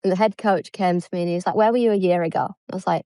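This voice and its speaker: A woman's voice: fairly low pitch, steady tone, very fast, mellow, clear, resonant tone, no room sound. A woman in her thirties from England, a former cricketer chatting as an interview guest, self-deprecating and acting out the dialogue she quotes. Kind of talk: casual interview chat.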